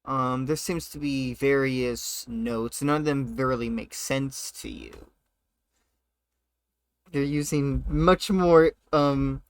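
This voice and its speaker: Halting man narrating as game master. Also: medium pitch, clean tone, no room sound. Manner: halting, searching for words.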